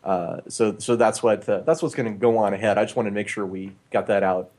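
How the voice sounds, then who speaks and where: A man's voice: lowish voice, brisk, a little mellow. A man co-hosting a casual podcast, rambling with lots of filler words and restarts, on a studio microphone in a small home studio. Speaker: podcast co-host. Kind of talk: casual chat. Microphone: new studio microphone.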